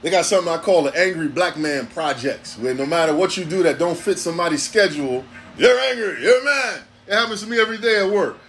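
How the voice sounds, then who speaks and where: A man's voice: a little high, fast talker, hardly any pauses, fairly bright tone, slight background noise. A man, hosting a podcast in a blunt, profane, streetwise ranting monologue. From New York City. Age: 40s. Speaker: podcast host.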